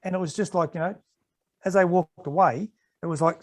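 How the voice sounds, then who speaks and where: Fairly quick and high-voiced, this retired Australian rugby league referee in his sixties is guesting on a podcast. He spins lively anecdotes in a relaxed interview, performing the quoted conversations.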